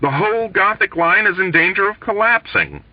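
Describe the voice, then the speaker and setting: A man's voice: high voice, big pitch swings, normal speed, no room sound, pitched above the performer's own voice. A man doing a whining self-pitying army doctor. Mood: mournful whining. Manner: mournful, whining, petulant. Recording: dull lo-fi dry recording.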